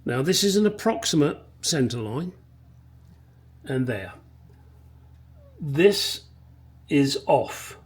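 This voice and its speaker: A man's voice: on the high side, sing-song, slow pace, long pauses, husky. Blunt, swearing man in a workshop. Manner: blunt, swears freely, candid; hesitant fillers while explaining work. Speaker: car restoration vlogger. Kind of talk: casual workshop vlog.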